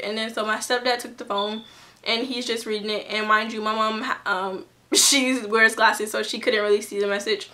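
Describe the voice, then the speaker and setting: A woman's voice: fairly high pitch, steady tone, moderate pace, bright, forceful tone. A young woman telling a personal story to her camera in a casual, chatty way, full of fillers and restarts. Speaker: vlogger.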